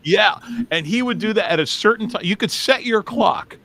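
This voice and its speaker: A middle-aged man, a comedian hosting a podcast, telling stories in a lively, laughing way. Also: sits high, moderate pace, slight background noise. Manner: animated, laughing, acts out quotes. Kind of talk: casual storytelling interview.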